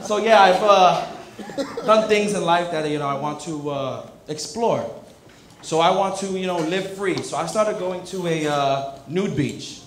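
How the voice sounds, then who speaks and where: On a comedy club stage, a young male stand-up comedian tells rambling, filler-heavy stories in a high voice at a measured pace. The room is echoey with a crowd, audience laughter can be heard, and there's slight background noise.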